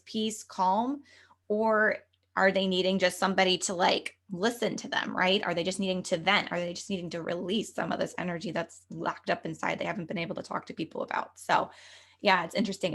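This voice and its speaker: A woman's voice: medium pitch, a bit bright. A young adult woman, a medium and coach, speaking as a podcast guest in an earnest, flowing way with many fillers. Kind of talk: casual interview talk.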